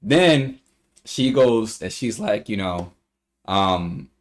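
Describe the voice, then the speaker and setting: A young man on a casual livestream, rambling through a story and acting out the quotes in high voices. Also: expressive, drawn-out words. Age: young adult.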